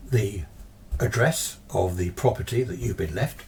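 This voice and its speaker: A brisk, insistent solicitor , as a storyteller puts him on, talking in a fairly low, plain voice. He sounds set back from the mic, with a faint hiss underneath. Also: darkish tone, distant mic, lightly acted. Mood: businesslike. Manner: matter-of-fact, insistent. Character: brisk middle-aged male solicitor.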